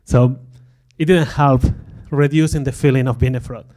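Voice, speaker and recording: A man giving a conference talk before an audience, speaking candidly and poking fun at himself, with frequent laughs and lively acted-out quotes. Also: mid-range voice, moderate pace. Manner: candid, self-deprecating, laughs often; acts out quoted remarks in a livelier voice.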